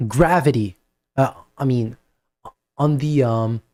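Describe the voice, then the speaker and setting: A man giving a spoken video lecture with advice for parents, talking deliberately and repeating his points for emphasis. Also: medium pitch, darkish tone.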